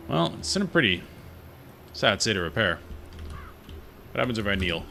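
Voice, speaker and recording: A man with a deep, low voice plays through an online fantasy game and chats casually, dropping wry little asides. His tone is bright and forceful. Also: moderate pace, creaky, pauses often, slight background noise. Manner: relaxed, chatty, wry asides. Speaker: gaming streamer. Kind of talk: casual gameplay commentary.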